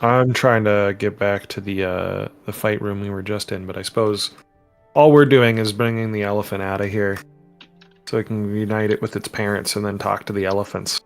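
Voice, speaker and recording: Low-voiced man playing a tabletop game. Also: steady tone, moderate pace, vocal fry, faint music behind. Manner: joking, speaks in character. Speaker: player. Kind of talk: casual tabletop play.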